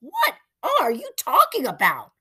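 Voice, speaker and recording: A woman's voice: high-pitched, huge pitch swings, a little slow, a bit bright, voice pushed up, exaggerated voice. A woman voicing a stern, stiff older lady who speaks sharply and indignantly.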